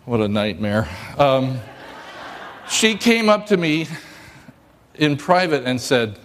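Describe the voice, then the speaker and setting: A male pastor giving a sermon in a church, joking and telling stories in a lively way. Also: mid-range voice, slow, long reverb tail, a little hiss or hum.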